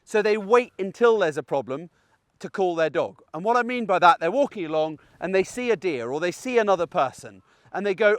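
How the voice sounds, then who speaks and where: A man's voice: sits high, lively intonation, brisk, no room sound, clean studio sound. A middle-aged man, a dog trainer, explaining recall training in a chatty, conversational way while out on a walk. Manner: chatty and explanatory, checks in with "okay?". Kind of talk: outdoor training tutorial. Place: outdoors in a field on a dog walk.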